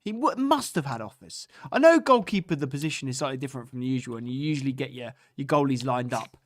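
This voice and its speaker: A man co-hosting a live football watchalong, laughing and reacting excitedly to the match. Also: medium pitch, fast, no room sound. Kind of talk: casual live match commentary.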